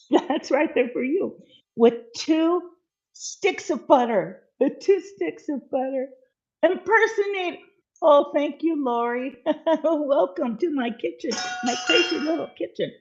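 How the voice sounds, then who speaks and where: Woman host, higher voice, unhurried rambling kitchen-livestream chatter, dull lo-fi sound. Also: darkish tone. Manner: rambling, chatty, many fillers and asides. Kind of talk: casual livestream chat while baking. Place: home kitchen.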